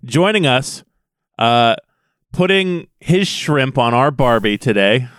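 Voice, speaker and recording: A man co-hosting a casual podcast, telling stories quickly and laughing often. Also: mid-range voice, animated, a bit bright, clean tone. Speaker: podcast co-host.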